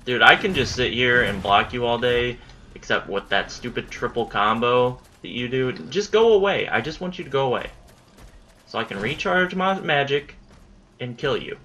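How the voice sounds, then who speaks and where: A man's voice: mid-range voice, normal speed, bright, forceful tone, slight background noise. A young man giving casual commentary on his own gameplay, frustrated, swearing and muttering at the enemy.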